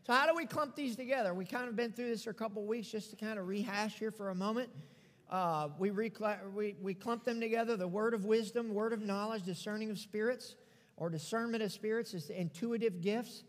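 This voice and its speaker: A man with a very high voice preaches to his church congregation. He leads call-and-response declarations and drives points home by repeating phrases. His voice rings out with long reverb from the hall. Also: steady tone, brisk. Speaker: pastor. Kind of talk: sermon. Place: church sanctuary.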